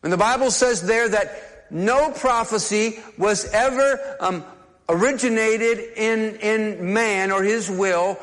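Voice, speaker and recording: A man's voice: sits high, a bit bright, long reverb tail. A man preaching a sermon as pastor, talking conversationally and often restarting and repeating words.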